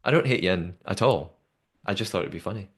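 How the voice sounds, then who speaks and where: A young man hosting a podcast, chatting casually and telling the story in a lively way with lots of fillers. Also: low voice, fairly quick, gravelly. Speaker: podcast host. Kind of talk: casual recap chat.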